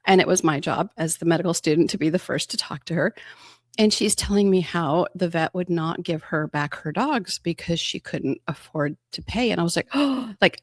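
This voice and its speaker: A woman in her fifties talks as an interview guest with a low, gravelly voice. She tells her stories animatedly, acting out the quoted dialogue and laughing often. The sound is dry, with no room echo. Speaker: emergency room physician guest. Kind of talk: casual storytelling interview.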